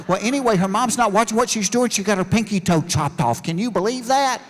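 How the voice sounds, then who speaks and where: A man's voice: high-pitched, lively intonation, quick pace. A middle-aged man doing stand-up comedy, telling stories and acting out both sides of conversations. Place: large live venue with an audience. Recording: live show with hall reverb.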